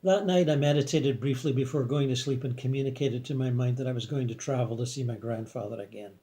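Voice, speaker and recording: A man calmly reading a first-person afterlife story in a measured way. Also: medium pitch. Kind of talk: scripted first-person narration.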